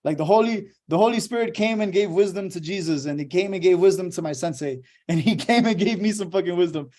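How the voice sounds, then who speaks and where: A man's voice: sits high, quick pace, darkish tone. A young adult man from Houston, Texas, a lawyer giving a casual motivational talk, swearing freely and telling his story with emphatic drive. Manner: profane, emphatic, fired-up storytelling.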